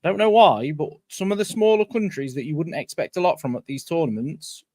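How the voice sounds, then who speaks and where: A man co-hosting a casual football chat, giving his opinions in a relaxed, conversational way. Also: on the high side, fairly quick, no echo, clean studio sound.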